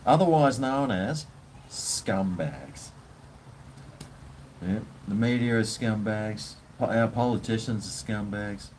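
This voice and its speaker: Australian man, livestream host, blunt ranting, swears a lot, lowish voice, faint background noise. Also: lively intonation, slow, a little mellow. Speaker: live stream host. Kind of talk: casual livestream chat.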